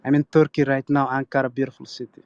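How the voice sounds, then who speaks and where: A man's voice: medium pitch, little pitch movement, fast, clean tone, no room sound. A man from Ukraine calling in, speaking hesitantly with hedges and fillers. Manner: hesitant, hedging. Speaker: caller. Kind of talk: call-in question. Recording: muffled call line.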